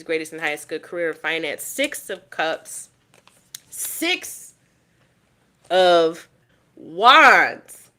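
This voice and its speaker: A woman reads tarot cards for her viewers in a loose, lively way. Her voice sits a little low, and she swears casually and repeats her points for emphasis. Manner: animated, swears freely, talks straight to the viewer. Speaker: tarot reader. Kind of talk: casual tarot reading to camera.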